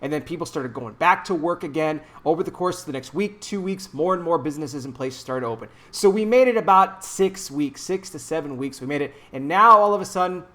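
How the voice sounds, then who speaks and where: A man's voice: fairly high pitch, expressive, brisk, hardly any pauses, sharp tone. A man ranting angrily and sarcastically into his own microphone in a preachy political commentary vlog.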